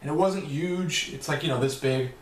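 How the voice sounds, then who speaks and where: A man's voice: a little high, moderate pace. Rambling man in an echoey room. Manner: rambling and loose, with frequent swearing. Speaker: vlogger answering viewer questions. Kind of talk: casual Q&A vlog.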